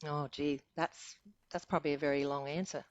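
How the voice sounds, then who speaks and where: An Australian woman in her sixties, appearing as a podcast guest, tells her stories in a chatty, casual way and laughs often. Her voice sits low with fairly even intonation and a brisk pace, recorded with no echo but dull audio.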